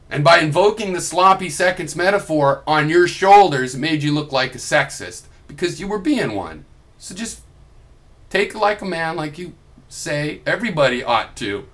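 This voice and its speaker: A young adult man with a slightly high, fairly bright voice records a heated reply vlog. As a video blogger, he rants in a combative, sarcastic, and profane way.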